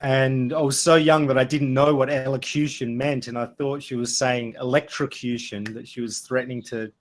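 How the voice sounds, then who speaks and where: A middle-aged man with an Adelaide Australian accent, chatting casually through a webinar about accents, relaxed and anecdotal, with frequent fillers. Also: mid-range voice, moderate pace. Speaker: guest speaker. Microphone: video call.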